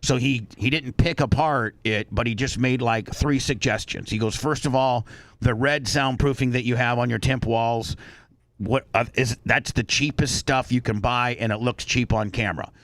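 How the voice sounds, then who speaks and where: A man's voice: medium pitch, fairly even intonation, normal speed, a bit bright, no echo. A man hosting a radio talk show, telling a story bluntly and with animation, swearing as he goes. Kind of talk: casual talk-show chat.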